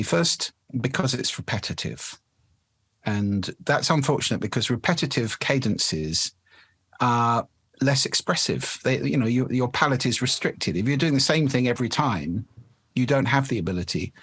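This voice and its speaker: In a podcast interview, a voice expert explains speaking habits in an articulate, explanatory way, demonstrating voice effects as he goes. His medium-pitched voice is fairly bright with a breathy edge, and there's no echo.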